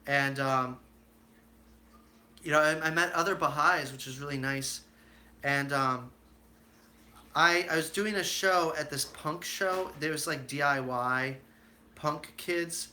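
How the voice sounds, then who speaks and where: Bright, chatty man telling stories. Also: a little high, slow pace, pauses often, slight background noise. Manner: chatty, with many fillers and acted-out quotes. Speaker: street magician hosting a live stream. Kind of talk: casual live-stream storytelling.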